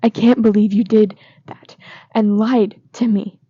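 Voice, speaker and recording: A woman's voice: mid-range voice, flat delivery, moderate pace, warm tone, slightly rough, no echo, natural voice. A woman reading the lines of an upset young man, delivering them in a raised, heated voice. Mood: angry. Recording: slightly dull lo-fi recording.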